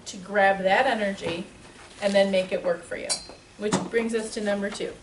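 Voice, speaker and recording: A woman teaching a small gathering in a lively, chatty way, laughing often as she talks. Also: medium pitch. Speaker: spiritual teacher. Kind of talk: lively talk to a live audience. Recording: echoey room, mic far off, faint hiss.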